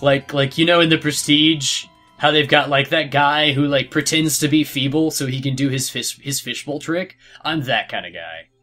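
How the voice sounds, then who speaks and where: A young man co-hosting a game playthrough, telling stories in a chatty, animated way with lots of fillers. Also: on the high side, moderate pace, faint music behind. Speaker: let's play co-host. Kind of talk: casual gameplay chat.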